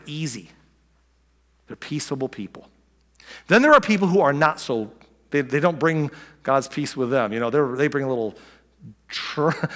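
A man's voice: medium pitch, a bit bright, big-room sound. A male pastor delivering a conversational sermon, full of asides, restarts and quoted voices.

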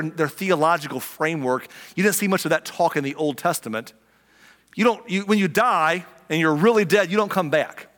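Guy preaching a sermon, chatty and animated, kinda high voice, long hall echo. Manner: conversational, animated, acts out quotes. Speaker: pastor.

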